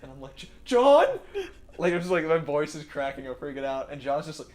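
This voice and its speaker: A man's voice: a little high, a little fast. A young man hosting a casual podcast chat, telling stories with lots of laughter and swearing. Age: young adult. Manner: animated storyteller, swears freely, laughs through his stories. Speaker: podcast host.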